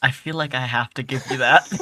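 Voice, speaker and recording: A man's voice: medium pitch, heavy background noise. A man co-hosting a casual, unedited podcast chat, mostly giving short, laid-back replies and dry asides. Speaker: podcast co-host.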